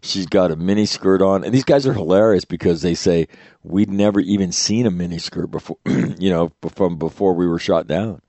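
A middle-aged man, a retired Marine, telling a rambling, animated and profane story in a casual monologue. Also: deep voice, normal speed, dry recording.

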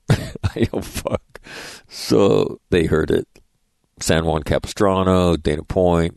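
A man's voice: very deep voice, vocal fry, dry recording. A middle-aged man hosting a radio show, telling rambling, profane anecdotes and acting out the dialogue in a casual monologue.

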